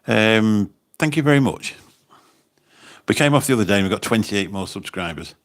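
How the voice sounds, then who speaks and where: An animated man with a lowish voice speaks at a moderate pace. He hosts a casual livestream on his phone, reading comments and rambling on with lots of repetition, and he also drives a taxi.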